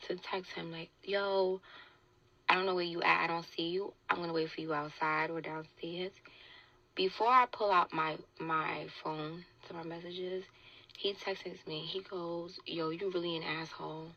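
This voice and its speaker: A young woman with a gravelly, bright edge, telling a story with indignant energy and acting out every quote. Her voice comes through a little muffled, with faint noise behind it. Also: on the low side. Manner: animated, indignant, acts out quotes. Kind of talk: casual podcast storytelling.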